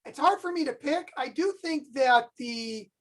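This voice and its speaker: A man guesting on a podcast as an author, answering in a thoughtful, measured way in casual chat. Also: very high voice, expressive.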